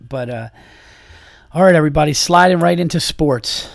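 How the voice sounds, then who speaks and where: A comedian and podcast host, his voice on the high side and creaky, rants in an exasperated, profane monologue at a moderate pace, pausing often. The recording is studio quality with no room sound.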